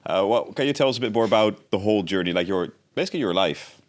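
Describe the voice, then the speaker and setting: A man's voice: on the low side, expressive, quick pace. A man co-hosting a casual podcast interview, asking questions and giving short encouraging replies. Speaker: podcast co-host.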